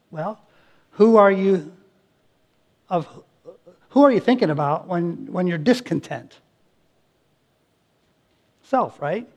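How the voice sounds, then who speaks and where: A middle-aged male pastor preaching a sermon, emphatic, repeating phrases and restarting his sentences. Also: high-pitched.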